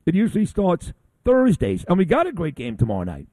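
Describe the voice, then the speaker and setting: A man's voice: high voice, huge pitch swings, a little fast, warm tone, no echo. A man hosting a radio talk show, ranting bluntly and combatively with insults, broadcasting on location from a convention.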